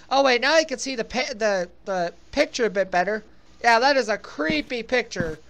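A high-pitched woman narrates her play-through of a horror game, joking and sarcastic as she goes. She talks back to the game as if it could hear her. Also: lively intonation, moderate pace, creaky, fairly bright tone. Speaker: let's play gamer. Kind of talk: casual gameplay commentary.

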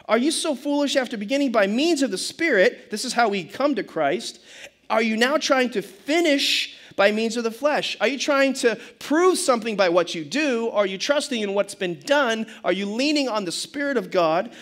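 A middle-aged male pastor delivers a sermon with a fairly high voice. He talks in an animated way and acts out the quotes, stumbling over fillers and restarts as he goes. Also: normal speed.

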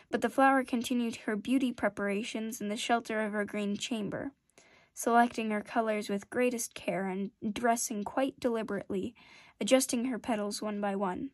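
A woman reading a classic children's novel aloud in a gentle, measured storytelling manner. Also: on the high side, no room sound. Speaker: storybook reader.

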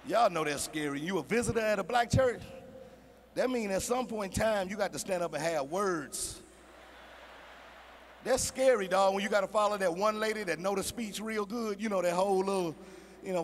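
A man's voice: sits high, moderate pace, a little hiss or hum. A middle-aged male stand-up comedian, chatting directly with the audience. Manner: conversational, addressing the audience directly.

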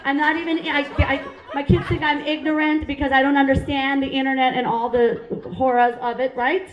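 A woman's voice: high-pitched, level tone, fairly quick, lo-fi sound, faint music behind. A middle-aged woman from Hawaii, doing stand-up comedy on a club stage, punchy and self-mocking as she chats with the crowd. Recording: roomy club sound.

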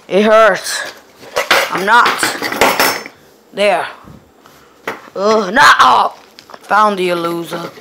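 A woman narrating an improvised hide-and-seek game with toy cars, switching between excited squeals and low mumbled asides. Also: drawn-out words, vocal fry, long pauses, background noise. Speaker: storyteller voicing toy cars.

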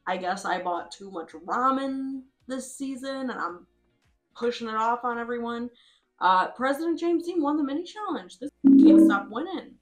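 A woman's voice: a little high, animated, normal speed, a bit bright, faint music behind. Chatty woman narrating a game, laughing. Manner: chatty, laughs often, swears casually. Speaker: host. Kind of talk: casual commentary over a game.

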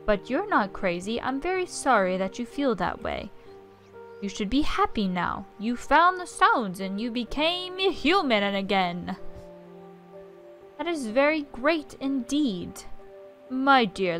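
A woman voicing a gentle, kindly male creature, speaking softly and comfortingly. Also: on the high side, very animated, slow, faint music behind, full character voice.

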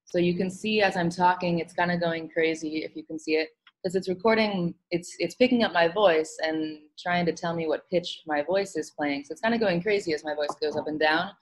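A woman music teacher giving an online lesson, explaining calmly with frequent "um" fillers. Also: on the low side, fairly quick, low-quality recording. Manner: relaxed explaining with many fillers.

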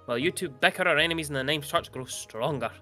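A man voicing a gruff, quarrelsome northern chief with a Scottish accent. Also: a little high, fast talker, bright, forceful tone, faint music behind. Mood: blustering.

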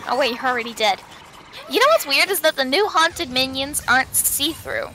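A woman's voice: high-pitched, lively intonation, normal speed, bright, forceful tone, slight background noise. A woman chatting casually and teasing her partner while they play an online game together at home. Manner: playful, teasing banter. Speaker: gamer co-playing online game. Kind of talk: casual gameplay chat.

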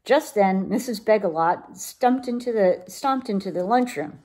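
A woman reads a children's storybook aloud with a lively, expressive lilt. Her pitch moves a lot. Her voice has a light husk. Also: measured pace. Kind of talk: reading a picture book aloud.

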